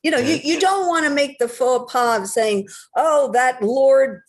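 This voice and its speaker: A woman author chatting as a podcast guest, telling things in a lively, animated way. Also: sits high, moderate pace. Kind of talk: casual podcast chat.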